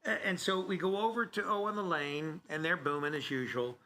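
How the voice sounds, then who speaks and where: A man tells a story in a high, bright voice. He rambles and keeps restarting with "so anyway". Faint room ambience sits behind him. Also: steady tone, fairly quick, a little hiss or hum. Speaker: co-host, sports announcer. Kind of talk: casual storytelling chat.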